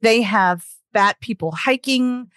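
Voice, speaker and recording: A woman's voice: on the high side, takes it slowly, a bit bright, no echo, clean studio sound. A woman with a Southern US accent, a storytelling guest talking enthusiastically in a casual podcast chat over a call. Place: home, remote call.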